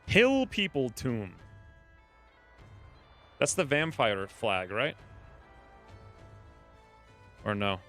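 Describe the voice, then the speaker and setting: A man's voice: medium pitch, wildly swooping pitch, very slow, long pauses, bright, forceful tone, faint music behind. A man casually commenting on his own strategy game playthrough, chatty and musing aloud. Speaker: gaming video creator. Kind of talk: let's play commentary.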